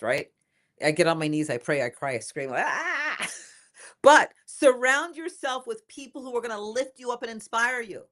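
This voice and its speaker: Older woman, low voice, emphatic and animated, casual interview guest. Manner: lively, emphatic, repeats phrases for emphasis. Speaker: inventor and guest.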